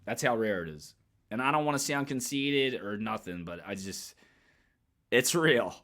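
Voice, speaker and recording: A man's voice: mid-range voice, lively intonation, moderate pace, fairly bright tone, a little hiss or hum. A man giving blunt, emphatic commentary in a casual vlog, swearing freely and repeating phrases as he builds his point. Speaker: commentary vlogger.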